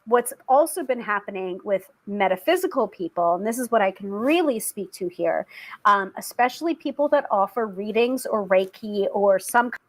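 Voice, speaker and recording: A woman's voice: mid-range voice, expressive, moderate pace, poor audio. A young woman hosting a tarot live stream, talking in a chatty, casual way with frequent laughs and fillers. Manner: chatty, laughs often, many fillers and restarts.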